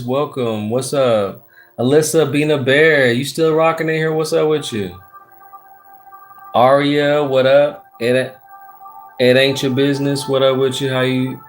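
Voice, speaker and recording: Man, tarot reader, casual livestream chat, swears a lot, phone camera mic, faint music behind. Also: medium pitch. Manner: laid-back, swears freely, reads out viewer comments. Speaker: tarot reader hosting a live stream. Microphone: phone front camera.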